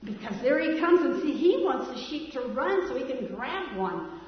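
A woman telling a story to a child in a gentle, coaxing way, asking the child to join in. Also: high-pitched, big pitch swings, moderate pace. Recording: echoey room from far off, dull sound.

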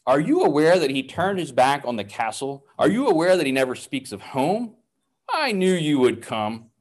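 A man's voice: a little high, sing-song, normal speed. A man doing a tattling self-righteous brother. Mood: eager. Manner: eager, accusing.

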